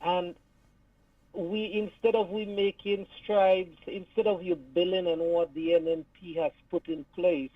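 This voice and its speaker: Man, radio caller, earnest and halting, slightly high voice, thin distant phone line. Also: little pitch movement, dry recording. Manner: earnest, hesitant, stops and restarts while talking. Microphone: phone call.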